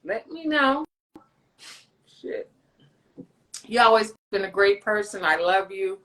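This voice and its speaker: A medium-pitched, expressive woman with a fairly bright tone takes her time hosting a relaxed livestream. It's a rough recording, and her talk rambles along with lots of cursing and jokes.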